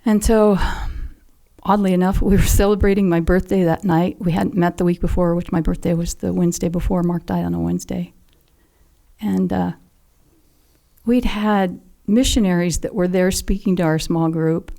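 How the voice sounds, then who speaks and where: Speaking with a lowish, dark voice and fairly even intonation, she talks at a normal pace with vocal fry. She is an older podcast guest and a fallen SEAL's mother, telling her story earnestly and at times nearly whispering.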